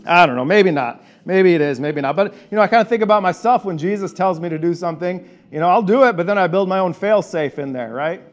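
A man preaching a conversational sermon, animated and leading his congregation in call and response. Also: sits high, quick pace, few pauses. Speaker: pastor.

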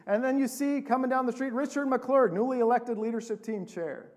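A man, a pastor, preaching a sermon and telling a story with lively acted-out voices. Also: very high voice, a little fast. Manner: animated storytelling, acting out quoted voices.

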